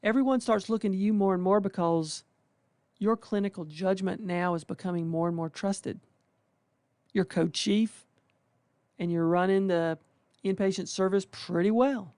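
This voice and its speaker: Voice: mid-range voice, normal speed, a little mellow, dry recording. Folksy dry-voiced faculty speaker. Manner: folksy and conversational, with colloquial exclamations; acts out residents' inner thoughts. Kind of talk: welcome talk to new interns.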